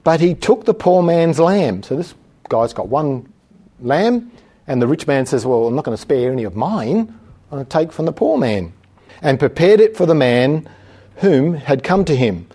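A man with a fairly high, sing-song voice, mellow with a breathy edge, preaches a sermon. He reads scripture slowly and with emphasis, then explains it in plain conversational talk, chuckling now and then.

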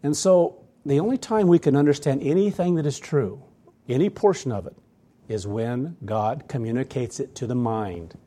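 A man's voice: mid-range voice, normal speed, warm tone. A man preaching a sermon to his church, earnest and emphatic, often repeating phrases for weight. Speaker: pastor.

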